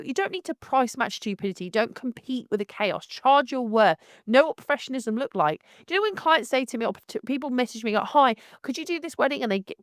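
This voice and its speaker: A woman's voice: fairly high pitch, a bit bright, no echo, studio quality. A woman hosting a solo podcast, ranting in a blunt, fired-up and sweary way. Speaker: podcast host and wedding photographer.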